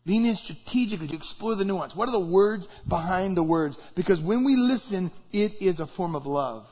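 A man's voice: sits high, expressive, normal speed, darkish tone, highs cut off. A male pastor preaching a conversational sermon to his church, acting out short example conversations. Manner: conversational, acts out example dialogues.

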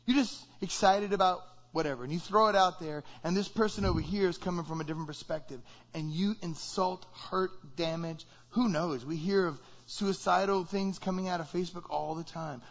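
Guy preaching, kinda high voice, talks to the crowd w lots of questions, dull lo-fi sound. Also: lively intonation, brisk. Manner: conversational preaching with rhetorical questions. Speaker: pastor. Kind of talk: sermon.

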